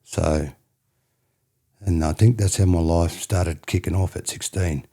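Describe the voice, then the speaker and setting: A man with a low, dark voice, steady tone, vocal fry, and measured pace tells stories as a podcast guest. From New South Wales, Australia, he rambles, repeats himself, and often adds "you know what I mean" in this storytelling interview.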